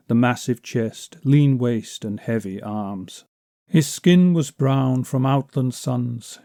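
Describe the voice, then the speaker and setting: A man narrating an adventure story as an audiobook reader, in a measured, descriptive manner. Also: medium pitch, warm tone, no room sound, studio quality.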